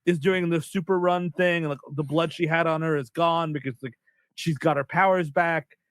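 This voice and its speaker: A man co-hosting a movie podcast, recapping the plot in an animated, swearing rant. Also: fairly high pitch, normal speed, no echo. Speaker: podcast co-host. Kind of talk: casual comedic movie chat.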